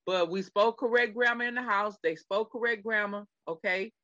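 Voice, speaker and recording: A middle-aged woman co-hosts a casual podcast chat in a bright, forceful voice. She is emphatic and speaks straight to her listeners. The sound is dry and a little dull. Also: mid-range voice, normal speed, no echo. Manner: emphatic, addresses listeners directly. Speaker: podcast co-host.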